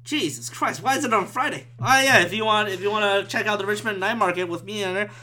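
A man with a bright, sharp voice rants through a solo podcast from a room at home. He swears freely and swings between loud outbursts and hushed, muttered whispers. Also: sits high, fast. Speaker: podcast host and stand-up comedian. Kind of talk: rambling solo podcast rant.

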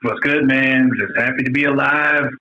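Animated, cursing New man. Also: mid-range voice, moderate pace, lo-fi sound, slight background noise. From New York. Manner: animated storytelling, heavy cursing, slangy. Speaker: podcast co-host. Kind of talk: casual chat.

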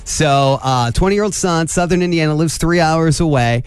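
A man's voice: a little high, moderate pace, clear, resonant tone. A man hosting a morning radio show, bantering casually and chuckling at his own puns in a studio.

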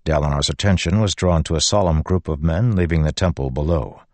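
A man reading a fantasy novel aloud in a measured, steady narration. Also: rumbling low, dry recording. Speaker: audiobook narrator.

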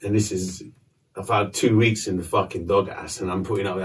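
A man, a podcast host telling a story casually, animated and swearing. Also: deep voice, brisk, recorded from a distance.

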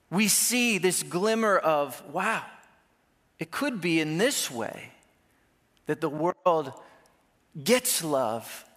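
High-voiced pastor in a reverberant hall. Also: male voice, fairly bright tone. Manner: conversational, self-deprecating, with playful quoted asides. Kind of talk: sermon.

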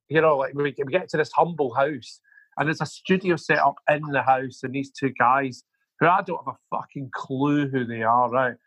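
A man's voice: on the high side, a bit bright, breathy edge, no room sound, low-quality recording. A man, a music manager guest, telling rambling, profane anecdotes in a casual interview.

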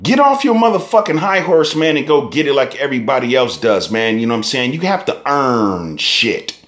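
A man's voice: mid-range voice, sing-song, moderate pace, a bit bright. A young man, a rapper delivering a heated, profane ranting monologue full of rhetorical questions. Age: young adult.

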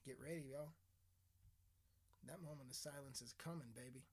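A man's voice: medium pitch, fairly even intonation, normal speed, slight background noise. A man hosting a podcast, ranting casually in a crude, rambling, mocking way. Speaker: podcast host. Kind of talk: casual profane rant. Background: loud music.

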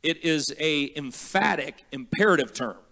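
A man preaching as a guest pastor, emphatic and repetitive, slowing down to spell out words and building to loud praise. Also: on the high side. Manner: repeats words slowly for teaching. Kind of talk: sermon.

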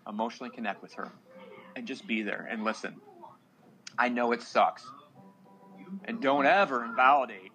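A man's voice: medium pitch, moderate pace, pauses often, sharp tone, soft background music, rough recording. A man in his thirties, a single father on a podcast, talking earnestly and emotionally to other men. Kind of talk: casual podcast talk.

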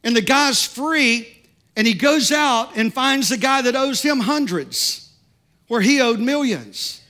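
A male pastor delivering a sermon with a high, bright voice. He preaches with growing fervor and stacks up repeated declarations. His tone rings forceful and ringing. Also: expressive, takes it slowly.

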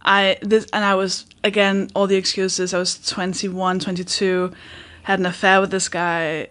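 A woman's voice: mid-range voice, flat delivery, moderate pace, a bit bright. A woman in her thirties hosting a podcast, telling a candid personal story in casual chat, acting out the people in it. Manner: candid, storytelling with quoted dialogue. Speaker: podcast host.

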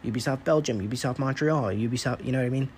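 Rambling man with a mellow voice. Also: mid-range voice, fast talker, a little hiss or hum, rough recording. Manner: rambling, conversational, frequent fillers and restarts. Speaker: gaming commentary host. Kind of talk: casual opinion monologue.

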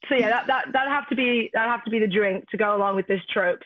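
A woman's voice: fairly high pitch, fast talker. A woman co-hosting a podcast, chatting casually and laughing often. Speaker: podcast co-host. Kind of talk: casual chat. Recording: dull lo-fi podcast audio.

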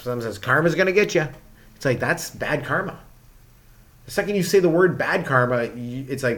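Young canadian dude rambling on his comedy podcast, swears a lot, says like every other word. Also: medium pitch. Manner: rambling, swearing, lots of "like" fillers. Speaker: stand-up comedian. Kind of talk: casual comedic rant.

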